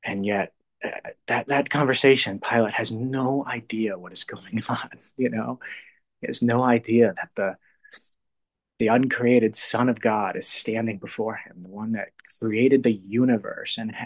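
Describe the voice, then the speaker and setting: A man's voice: on the low side, slightly rough. A man giving a casual, thoughtful talk on faith, searching for words and often dropping to a near whisper. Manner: thoughtful, halting, often trails to a soft hush. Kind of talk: casual spoken reflection on faith.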